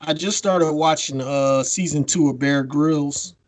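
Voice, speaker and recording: A man co-hosting a podcast in casual chat, telling a story with lively acted-out quotes and free swearing. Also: fairly high pitch, measured pace, no room sound. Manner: animated storytelling, acts out quotes, swears freely. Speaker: podcast co-host.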